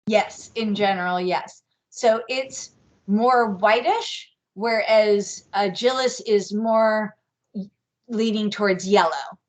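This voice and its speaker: A woman teaching bee identification on a video call, explaining slowly and carefully with frequent fillers. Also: mid-range voice. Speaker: guest bee expert. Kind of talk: live online workshop teaching.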